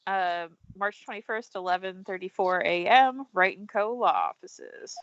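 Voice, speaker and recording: A woman's voice: mid-range voice, animated, measured pace, muffled recording, slight background noise. A woman reading an earnest young male defense lawyer in her own plain voice for a let's-play fan dub.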